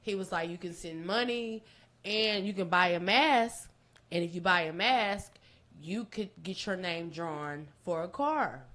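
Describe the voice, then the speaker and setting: A woman, guest on a podcast, telling a long story in an excitable, animated way. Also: measured pace. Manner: animated, excitable storytelling with big pitch jumps and profanity. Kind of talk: storytelling in casual chat.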